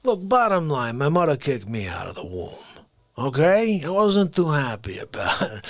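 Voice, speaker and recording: A man's voice: a little high, huge pitch swings, moderate pace, no echo. A man hosting an unscripted live comedy stream, rambling and joking as he jumps between bits. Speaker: livestream comedy host.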